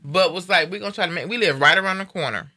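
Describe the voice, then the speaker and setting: Earnest middle-aged woman, bright dry voice. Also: on the low side, fast talker, no room sound. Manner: earnest, preachy, repeats phrases. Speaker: live stream host. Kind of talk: emotional casual chat.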